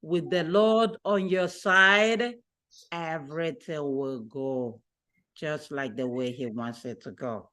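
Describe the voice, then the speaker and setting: A woman telling a children's story during a church worship service, addressing the children directly in an animated, expressive way. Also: sits low, takes it slowly.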